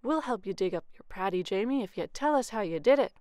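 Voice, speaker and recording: A woman's voice: mid-range voice, lively intonation, quick pace, a little mellow, no room sound, clean studio sound, close to an everyday voice. Storybook: woman voicing eager villagers pressing with questions. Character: curious eager village crowd.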